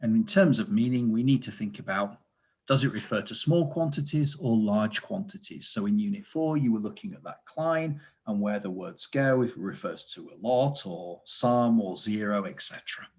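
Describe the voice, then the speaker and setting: A man's voice: on the low side, animated, normal speed, a little mellow, breathy edge. A man, a teacher trainer, explaining grammar in an online lesson over a video call, with frequent fillers and asides about the chat.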